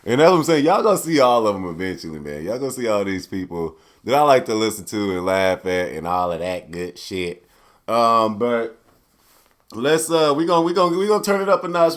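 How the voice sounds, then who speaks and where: A man's voice: mid-range voice, expressive, a little fast. A man hosting a podcast in laid-back, joking chat, laughing often and swearing freely. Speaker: podcast host.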